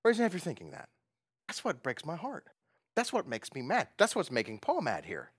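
A man's voice: a little high, huge pitch swings, brisk, husky, no echo, clean studio sound. A man preaching a sermon, talking conversationally, asking the audience questions and often laughing. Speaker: pastor.

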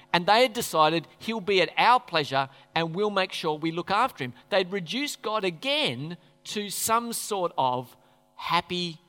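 Bright-voiced male preacher in an echoey hall. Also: high voice. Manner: conversational, questioning the audience. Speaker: pastor. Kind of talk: sermon.

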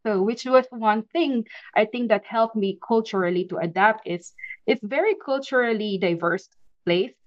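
A woman from the Philippines, a podcast guest telling her story in a casual interview, animated and quick to laugh, often restarting her sentences. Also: mid-range voice, no echo, highs cut off.

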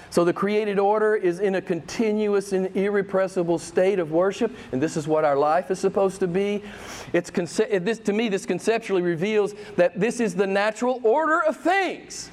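A man preaching a sermon with fervor, repeating phrases for emphasis and swinging between loud bursts and quiet, drawn-out lines. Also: sits high. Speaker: pastor.

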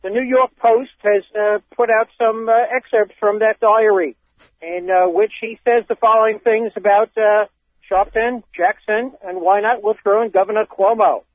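A man's voice: high-pitched, steady tone, normal speed, dry recording. A man co-hosting a talk radio show, wryly reading news quotes aloud with many hesitations. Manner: wry, reads quotes aloud with many ums. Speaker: radio co-host. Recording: tinny phone-like radio sound, dry.

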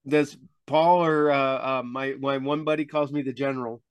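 A man's voice: mid-range voice, fairly even intonation, moderate pace, clear, resonant tone, dry recording. A man hosting a podcast interview in an easygoing way, laughing often and stumbling over restarts. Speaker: podcast host. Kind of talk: casual interview chat.

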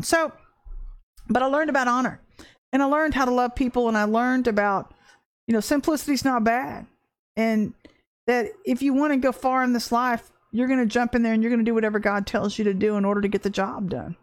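Woman, middle-aged, higher voice, dry close sound, casual sermon, animated storytelling. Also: fairly quick, no room sound. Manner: animated storyteller, laughs often, acts out quotes. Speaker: Christian ministry teacher. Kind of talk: casual spoken sermon with personal stories.

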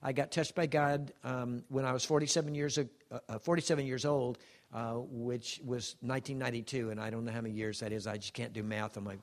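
A man's voice: mid-range voice, little pitch movement. Older man giving an emotional testimony. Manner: halting, emotional, many restarts. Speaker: speaker sharing a personal testimony. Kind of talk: heartfelt personal testimony.

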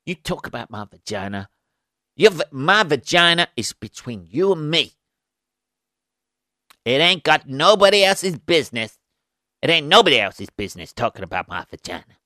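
A man's voice: fairly high pitch, big pitch swings, moderate pace, pauses often, sharp tone, no room sound, clean studio sound, pitched above the performer's own voice. A man voicing an indignant young woman who scolds her boyfriend. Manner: sassy, scolding.

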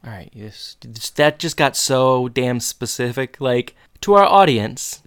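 A man co-hosting a casual podcast, talking in a low-key, tired way. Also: expressive, slow, smooth, dry recording, studio quality. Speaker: podcast co-host. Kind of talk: casual rewatch podcast chat.

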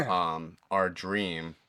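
A man with a very deep, smooth voice speaks as a podcast guest. He rambles with enthusiasm, and the sound is dry and close. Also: very animated, extremely slow, sharp tone, no echo. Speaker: guest filmmaker. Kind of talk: casual conversation.

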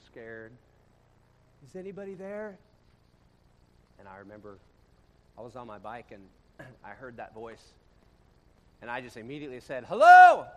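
A pastor addresses his congregation in a church room with an informal, storytelling sermon, talking as if in conversation. Loud surges give way to quiet, low-voiced passages, and a little hiss or hum can be heard.

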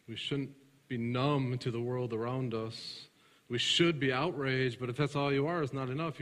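A man preaching a sermon, alternating between loud emphatic passages and hushed, soft ones, and putting questions to his congregation that he answers himself. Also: medium pitch, fairly even intonation, unhurried. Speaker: pastor. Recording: reverberant large room.

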